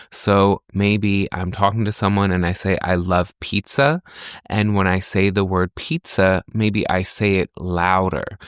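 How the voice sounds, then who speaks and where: Deep voiced guy teaching a class-style podcast, gravelly, asks the listener lots of questions. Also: a bit bright, no room sound, studio quality. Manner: conversational teaching with rhetorical questions and examples. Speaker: communication professor and podcast host.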